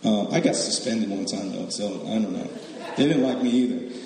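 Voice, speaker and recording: A man with a lowish, slightly mellow voice gives a joking, conversational sermon at normal speed. He often tacks "right?" onto his lines to check in with listeners, and the echoey hall gives his voice a long reverb.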